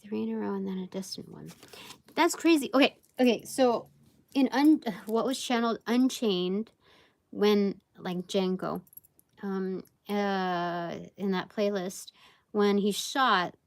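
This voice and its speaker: A woman's voice: mid-range voice, slow pace, no room sound. A woman giving a casual live tarot reading, rambling and thinking aloud with many fillers. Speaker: tarot reader.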